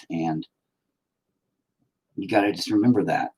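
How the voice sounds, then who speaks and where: A foul-mouthed man rants and jokes to his viewers while painting, his low, husky voice swinging widely up and down. He curses at nearly everything, including himself, in a loose, self-mocking way. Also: expressive, normal speed, long pauses, warm tone, low-quality recording. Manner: profane, ranting, self-mocking. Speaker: painting vlogger. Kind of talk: casual talk while painting.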